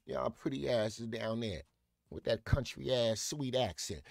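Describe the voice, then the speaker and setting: Gravelly, swearing male reaction commentator. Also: mid-range voice, unhurried, no echo, clean studio sound. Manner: loud swearing rants with frequent laughing. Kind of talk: profane comedic reaction commentary.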